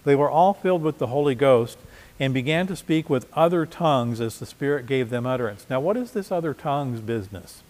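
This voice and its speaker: A man's voice: medium pitch, expressive, fairly quick, darkish tone, long reverb tail. A man preaching a sermon as pastor, conversational, with frequent restarts and repeated words. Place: church.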